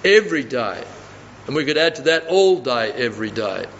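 A man's voice: mid-range voice, very animated, moderate pace, fairly bright tone, slight background noise. A man preaching a sermon, emphatic and fond of repeating phrases for stress. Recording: dull audio with long reverb in a hall.

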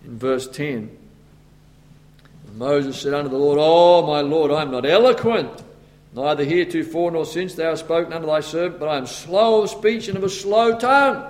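A man's voice: on the high side, moderate pace, pauses often. A man preaching a sermon, acting out the voices of Moses and God with stammers and asides. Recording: long hall reverb.

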